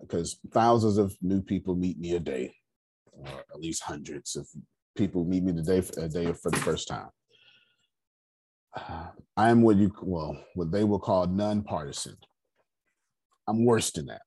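A man with a raspy voice hosting a casual group discussion, speaking in a measured, emphatic cadence. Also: low-pitched, darkish tone. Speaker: host.

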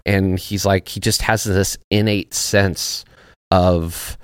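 Brief: very low male voice, easygoing and profane guest, dry close mic. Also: steady tone, takes it slowly, clean tone, no room sound. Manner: laid-back and profane, searching for words. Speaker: podcast guest, actor and former soldier. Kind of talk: casual podcast chat.

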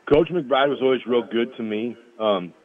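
A man's voice: medium pitch, moderate pace. A former college football lineman telling rambling stories over the phone, laughing as he goes. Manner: rambling, laughs through anecdotes. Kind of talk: casual storytelling. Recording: tinny phone line.

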